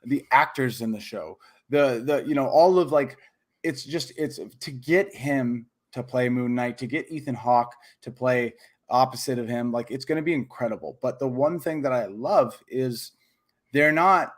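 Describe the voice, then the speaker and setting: A podcast co-host chats casually in a mid-range voice at a moderate pace. He's excitable and rambling, restarting often and using plenty of fillers.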